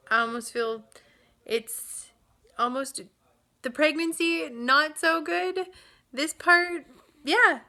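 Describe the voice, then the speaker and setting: A young woman chatting casually as a vlogger about new motherhood, upbeat and relaxed with fillers and small laughs. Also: on the high side. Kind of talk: casual chat. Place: home nursery.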